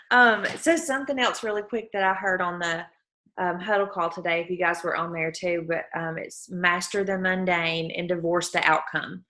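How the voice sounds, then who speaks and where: A woman with a lower voice leads a team call. She speaks in an earnest, emotional way, driving her points home by repeating them in a motivational pep talk. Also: fairly even intonation, normal speed, sharp tone. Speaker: team leader hosting a call.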